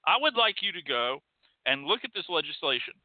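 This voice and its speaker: A man hosts his show in a sarcastic, profane rant. His fairly high voice swings up and down a lot. The sound is dry and thin, like a phone line. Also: very animated, brisk, no room sound. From Texas. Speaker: show host. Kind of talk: ranting monologue.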